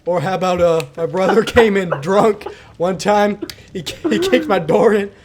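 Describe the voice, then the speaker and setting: A man's voice: high voice, moderate pace, background noise. A young man casually telling a rowdy family story on stream, swearing and laughing as he acts out relatives. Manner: animated, laughing, swearing, acting out relatives' voices.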